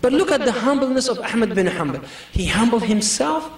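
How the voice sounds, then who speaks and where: A man's voice: very high voice, lively intonation, a little fast, roomy sound, distant mic. A man giving a humorous sermon to a gathering, telling anecdotes and laughing often as he makes his points. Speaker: preacher.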